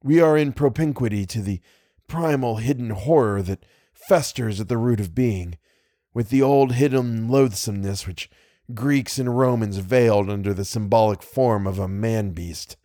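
A man narrating a horror story in a measured, dramatic reading. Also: mid-range voice, darkish tone, no echo, clean studio sound. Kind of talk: scripted horror fiction reading.

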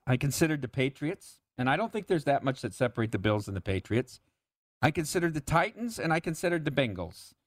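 A man hosting a sports betting show, talking in a relaxed, conversational way with occasional stammers. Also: medium pitch, brisk, no room sound, clean studio sound. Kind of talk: casual sports betting chat.

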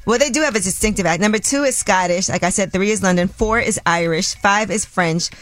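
A woman with a New York accent hosting a radio show, reading news items in a relaxed, chatty way and laughing often. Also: mid-range voice, brisk, dry recording. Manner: upbeat, laughs often, reads stories conversationally. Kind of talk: casual radio chat and news segments.

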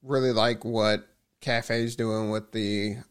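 A man's voice: lowish voice, level tone, takes it slowly, clean tone. A man co-hosting a podcast in casual chat, telling a story with many false starts and repeats. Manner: storytelling with frequent restarts. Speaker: podcast co-host.

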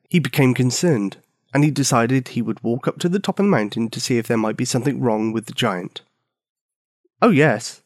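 Brief: male storyteller, animated pitch, playful asides, dry close-miked read. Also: no echo. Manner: expressive, with playful asides to the listener. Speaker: narrator. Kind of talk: children's storybook narration.

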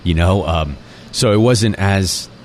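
A man in his forties with a strikingly low, deep voice talks through his story as a restaurant owner. He is relaxed and reflective, full of fillers and restarts. A faint noise sits behind him. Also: takes it slowly. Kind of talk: casual interview conversation.

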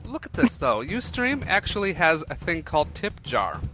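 A man's voice: on the high side, wildly swooping pitch, normal speed, pushed and bright, faint music behind. Playful rambling man podcast host. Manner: rambling and playful, with many restarts. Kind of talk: casual chat.

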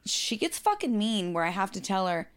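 A woman's voice: medium pitch, normal speed, clean tone. A mother, chatting casually and telling stories full of swearing. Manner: profane, animated storyteller. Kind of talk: casual chat.

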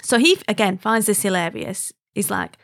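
A woman's voice: mid-range voice, normal speed, creaky, fairly bright tone, no room sound, clean studio sound. A married woman from Wigan with a Wigan accent, telling a story in an emphatic, chatty way and often asking "right?". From Wigan, northern England. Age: adult, married. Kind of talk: casual storytelling.

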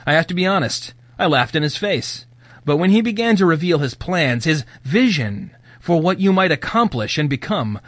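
A man playing a pompous, smooth preacher. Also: a little high, a bit bright, no echo. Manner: grandiose and overly polite. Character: pompous smooth-talking male preacher, middle-aged.

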